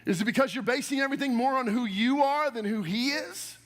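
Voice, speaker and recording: A man's voice: very high voice, brisk, a bit bright. A man preaching a sermon in a church with energy, speaking directly to the congregation and asking them questions. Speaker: pastor. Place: church sanctuary. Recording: long hall reverb.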